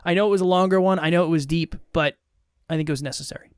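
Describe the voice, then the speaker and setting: A man's voice: fairly high pitch, fairly even intonation, rapid-fire, clear, resonant tone, no echo, clean studio sound. Upbeat male podcast co-host. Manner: upbeat, playful wrap-up talk. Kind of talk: casual chat.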